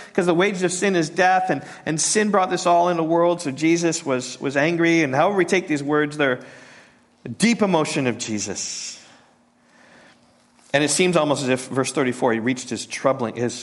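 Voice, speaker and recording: A man preaching a sermon as a pastor, halting and repeating words, sinking to a soft hush on tender points. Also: on the high side.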